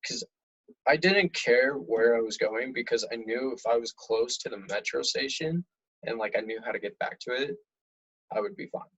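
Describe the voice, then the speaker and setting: A man's voice: mid-range voice, moderate pace, vocal fry, slightly rough, low-quality recording. A young man chatting casually and jokily about old memories. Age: young adult. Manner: laid-back, jokey, animated when retelling. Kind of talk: casual reminiscing chat.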